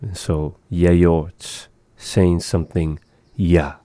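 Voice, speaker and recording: A man with a very low, mellow voice walks a learner through new words. He speaks slowly and patiently, modeling each word with care. The sound is dry and close. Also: level tone, dry recording. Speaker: language teacher. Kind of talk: conversational language lesson.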